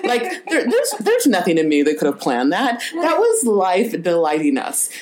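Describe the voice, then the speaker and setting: Telling a humorous tale with plenty of laughter, a podcast co-host shifts into reflection and pulls a spiritual lesson from it during a casual chat. She speaks at normal speed in a fairly low, slightly mellow voice with huge pitch swings.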